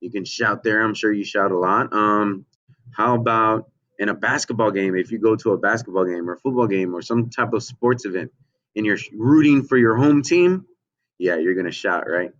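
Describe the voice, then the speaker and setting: Low-pitched male teacher talking kids through a lesson, lots of ums and "okay?", muffled lo-fi sound. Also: moderate pace, a bit bright. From United States. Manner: checks in with frequent "okay?" and "right?", many ums. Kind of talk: lesson for children. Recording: dull lo-fi audio.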